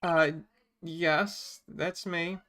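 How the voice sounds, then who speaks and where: A woman's voice: lowish voice, steady tone, drawn-out words, background noise. A woman voicing a flustered young male defense lawyer who talks in a hesitant, stammering way, with game music behind.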